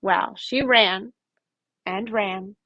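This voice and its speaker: A woman reading a folk tale aloud to children in an expressive, lively storytelling manner. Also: mid-range voice, drawn-out words, no room sound, lo-fi sound.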